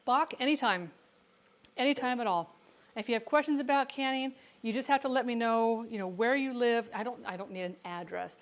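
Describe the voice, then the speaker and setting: A chatty woman talks through her home canning on a livestream, answering viewer questions. Her voice sits a little high, and she keeps up a running commentary to herself between answers. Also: a little fast. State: has the hiccups. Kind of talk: casual livestream cooking chat.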